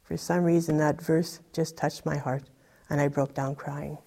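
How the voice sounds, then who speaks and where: A woman's voice: deep voice, flat delivery, unhurried, vocal fry, mellow, husky. A woman telling her personal testimony in an earnest, rambling way, full of "you know" and "like". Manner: earnest, rambling with many fillers. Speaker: testimony speaker.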